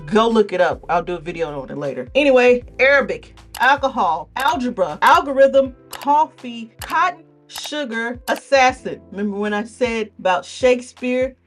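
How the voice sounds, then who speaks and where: A woman hosting a casual educational monologue, animated and joking, with rhetorical asides. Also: a little high, moderate pace, few pauses, faint music behind. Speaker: host.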